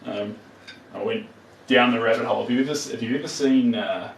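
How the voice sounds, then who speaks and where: A man's voice: medium pitch, brisk, reverberant, far from the mic, a little hiss or hum, rough recording. A man with a New Zealand accent chatting playfully with viewers as he paints on a live stream. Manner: chatty, playful, talks to viewers while working.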